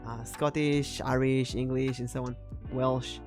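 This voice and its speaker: A man's voice: medium pitch, level tone, unhurried, a little mellow, soft background music. Enthusiastic man running a game. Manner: enthusiastic, playful. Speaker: streamer and game master. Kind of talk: casual chat.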